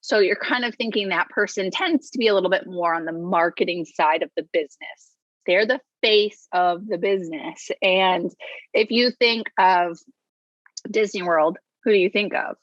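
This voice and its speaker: A woman's voice: medium pitch, moderate pace, no room sound, muffled recording. A woman in a casual business chat, explaining her work in a chatty way, laughing often. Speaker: business integrator, co-host.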